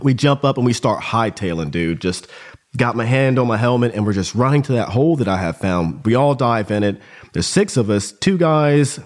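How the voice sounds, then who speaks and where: A man's voice: medium pitch, normal speed. A man talking as a podcast guest, telling a story casually and with energy. He peppers his talk with dude and bro. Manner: animated, slangy, calls listener dude and bro.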